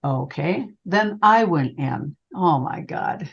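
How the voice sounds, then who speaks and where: An older woman who works as a psychic medium tells a personal story in an interview, calling the listener honey. Her voice is lowish, gravelly and husky, her pace slow and her manner animated, and the recording sounds dull and lo-fi.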